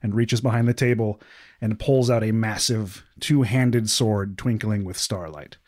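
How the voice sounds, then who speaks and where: A man running a tabletop game as game master, narrating casually with lively delivery. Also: fairly low pitch, measured pace.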